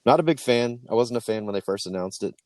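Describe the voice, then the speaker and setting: A man's voice: medium pitch, lively intonation, quick pace, a little mellow, no room sound. A man co-hosting a podcast, riffing dry jokes in casual chat. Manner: dry joking, riffs on scenarios, chuckles. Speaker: podcast co-host.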